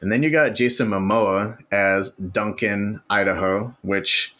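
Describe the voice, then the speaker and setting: Deep voiced guy on a podcast, chill and slangy, cusses casually about movies. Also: steady tone, measured pace, a bit bright. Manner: laid-back, slangy, swears casually. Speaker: podcast co-host.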